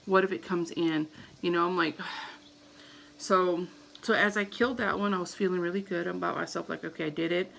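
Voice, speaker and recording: A woman's voice: lowish voice, steady tone, normal speed, creaky, a bit bright, a little hiss or hum, low-quality recording. A woman in her thirties telling a story casually to camera as a vlogger, acting out her own panicked reactions.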